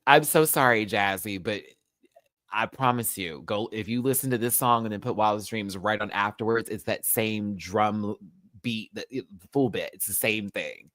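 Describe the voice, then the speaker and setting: A man hosting a casual live review of a drag show, animated and sassy, jumping between loud outbursts and low mutters, with some swearing. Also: normal speed, dry recording.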